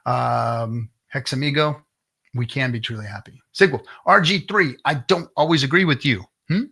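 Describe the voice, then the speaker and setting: A man's voice: mid-range voice, normal speed, gravelly, bright, forceful tone, husky. A middle-aged man hosting a casual livestream, ranting bluntly with lots of swearing and restarts, reading chat comments. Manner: blunt, profane, restarts often.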